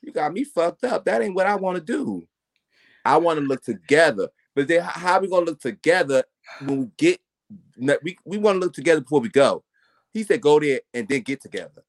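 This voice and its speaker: A man co-hosting a podcast in casual chat, ranting in a profane, animated way. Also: fairly high pitch, brisk. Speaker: podcast co-host.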